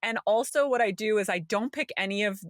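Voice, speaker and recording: Woman co-host, chatty and animated, mid-pitch, recorded dry and close. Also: a little fast, no echo. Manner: animated storytelling, acting out quoted voices. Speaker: podcast co-host. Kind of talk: casual podcast chat.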